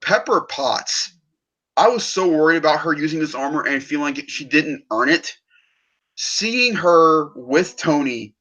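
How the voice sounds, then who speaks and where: Excited bright-voiced man retelling a film. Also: fairly high pitch, muffled recording. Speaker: movie podcast host. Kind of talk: casual film review chat.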